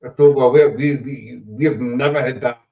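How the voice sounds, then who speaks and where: A man's voice: medium pitch, fairly even intonation, normal speed, creaky, mellow, reverberant, distant mic. A Scottish man with a Glaswegian accent, chatting casually and rambling as the host of a paranormal show. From Scotland. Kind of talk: casual chat.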